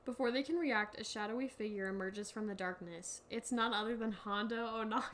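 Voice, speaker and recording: A young woman co-hosting a casual podcast, reading a story aloud in halting bursts and laughing often. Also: on the high side, a bit bright, a little hiss or hum. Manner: giggly, reads in halting bursts with frequent laughs. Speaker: podcast co-host.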